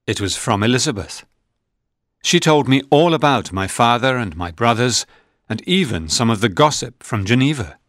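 A man reading a storybook aloud in a measured, plain narrating manner. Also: medium pitch, expressive, fairly bright tone, dry recording, clean studio sound.

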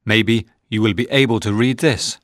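A man voicing a kind, worried young male friend in a storybook reading, in a gentle, concerned tone. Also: on the low side, steady tone, normal speed, no echo, studio quality, natural voice.

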